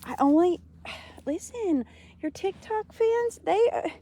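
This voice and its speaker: A woman's voice: very high-pitched, expressive, slow pace, dark tone. A woman, cooing affectionate baby talk to cows outdoors on a farm, recorded on a handheld phone. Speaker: farmer. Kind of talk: casual talk to animals.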